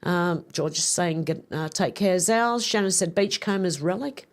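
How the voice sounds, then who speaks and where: A woman's voice: on the low side, a little slow. A middle-aged woman hosting a livestream, chatting casually, giggling as she reads viewers' comments aloud. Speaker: livestream host.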